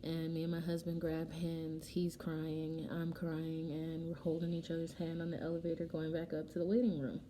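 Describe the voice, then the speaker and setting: Young woman vlogger, warm low voice, emotional chatty storytelling, light background hiss. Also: normal speed, hardly any pauses. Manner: emotional, animated retelling with quoted dialogue. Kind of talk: casual storytelling while doing makeup. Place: home, getting ready.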